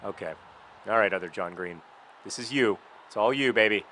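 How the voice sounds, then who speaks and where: A man's voice: lowish voice, normal speed, bright, forceful tone, a little hiss or hum. A man chatting casually about his past while playing a video game, rambling and breaking off into frustrated outbursts at the game. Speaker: video blogger.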